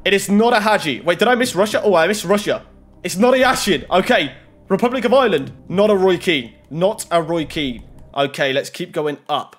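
A young FIFA YouTuber opens game packs with casual running commentary that rises to excited shouts. His voice sits high and moves fairly quickly.

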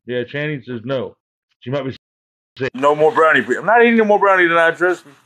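Male live streamer, loose jokey chat, lots of laughter, slightly high pitch. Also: brisk, sharp tone, slight background noise. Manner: rambling and jokey, laughing often.

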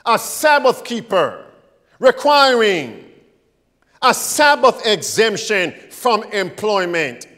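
A man's voice: high-pitched, a bit bright, big-room sound. A man preaching a sermon, firing rhetorical questions at his congregation and stressing his points.

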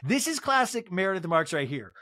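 A man hosting a podcast, talking with a bouncy, lively pitch as he gives a profane, gossipy recap. His voice sounds close and dry, with no room sound. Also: fairly quick, no room sound. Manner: animated, profane, chatty. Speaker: podcast host.

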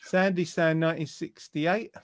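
A man's voice: fairly high pitch, fairly even intonation, normal speed, no echo. A man hosting an online quiz show, reading out viewers' answers and teasing them in a jokey way. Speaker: quiz host.

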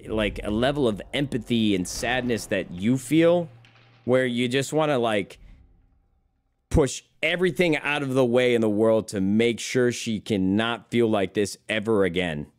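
Chatting live with his stream viewers, a young man rambles casually, swears freely and keeps calling them brother. His voice is medium in pitch and unhurried.

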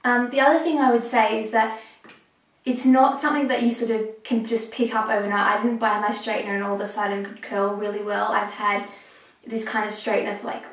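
A young woman talking through a hair tutorial step by step, a little hoarse as she is losing her voice. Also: mid-range voice, flat delivery, distant mic. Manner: chatty, explaining step by step with pauses. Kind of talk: casual how-to talk while working. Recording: echoey room, voice off-mic.

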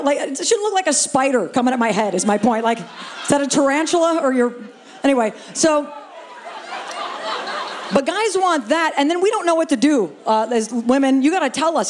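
High-voiced brash female stand-up comic. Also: slight background noise. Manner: brash, playful, swears freely, banters with audience. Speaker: stand-up comedian. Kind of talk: stand-up set, crowd work. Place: live comedy venue with audience.

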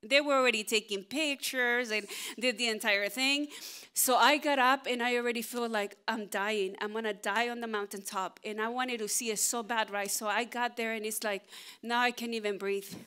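A middle-aged woman pastor telling a funny personal story in a sermon, animated and self-mocking, with many restarts. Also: a little high, normal speed, clear, resonant tone.

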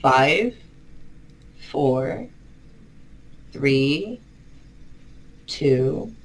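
A woman's voice: rumbling low, lively intonation, extremely slow, poor audio. A woman hosting a livestream panel, firm and scolding, often repeating herself. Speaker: stream host.

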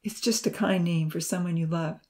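A woman reading the lines of a kind, fatherly male professor in a storybook, speaking gently and tenderly. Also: lowish voice, fairly even intonation, fairly quick, natural voice.

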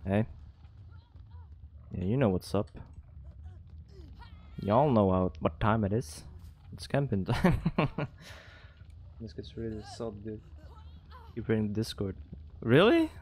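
A man giving casual live gameplay commentary as a streamer, excitable, swearing and laughing often. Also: lowish voice. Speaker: gaming streamer.

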